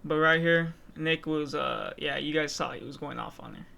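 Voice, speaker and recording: A man hosts a reaction video in a casual, halting way. His voice is slightly high, bright and smooth. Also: fairly even intonation. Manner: hesitant, lots of fillers and restarts. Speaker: reaction channel host.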